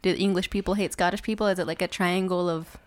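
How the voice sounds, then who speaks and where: A person in casual group chat, tossing in short, dry quips at a mid-range pitch. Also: steady tone, fast talker, no echo.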